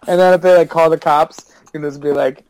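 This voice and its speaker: A man's voice: on the high side, fairly even intonation, brisk, darkish tone, no room sound, low-quality recording. A man in casual chat, giggly and playful, acting out silly scenarios.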